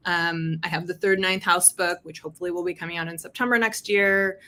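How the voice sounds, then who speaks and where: A woman's voice: on the low side, fairly even intonation, a little fast, pushed and bright. A woman author speaking in a casual interview over a video call, chatty and laughing often as she tells stories. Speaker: author guest.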